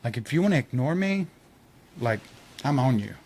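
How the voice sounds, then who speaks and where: Male podcast host, casual and animated, voices others in his stories, mid-range pitch. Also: moderate pace, breathy edge. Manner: animated storyteller, acts out quotes, laughs often. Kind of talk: casual chat.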